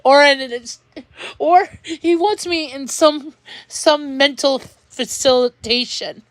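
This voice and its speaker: A woman talking to her viewers in an emotional rant, upset and close to tears, halting and restarting her sentences. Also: high voice, dry recording. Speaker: vlogger.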